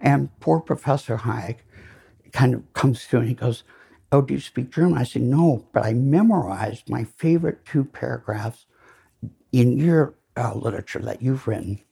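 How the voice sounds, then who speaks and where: An older lecturer speaks in a lecture hall at a moderate pace, his mid-range voice creaky, husky and dark in tone. His talk drifts through rambling, self-mocking stories thick with fillers.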